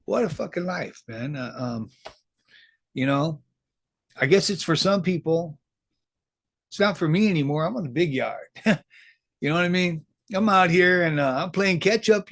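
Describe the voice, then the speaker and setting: Fresh out on parole, this man rambles through casual commentary, cursing freely and leaning on street slang. He sounds on the high side and a bit bright, recorded cleanly in a studio without echo.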